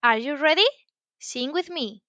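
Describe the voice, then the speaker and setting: A woman teaching a children's English lesson in a slow, exaggerated, encouraging sing-song way, with frequent praise. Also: sits high, animated, sharp tone, no echo, dull audio. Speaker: English teacher for young learners.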